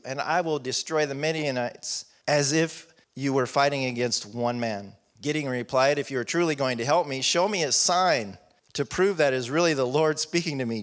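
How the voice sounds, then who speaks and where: A man's voice: mid-range voice, a bit bright. A man preaching a sermon in a casual, conversational way, reading scripture and acting out prayers.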